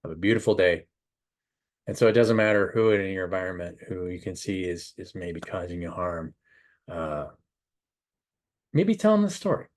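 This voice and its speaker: A middle-aged man, a spiritual advisor, telling a rambling, animated story and giving casual advice. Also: sits low, normal speed.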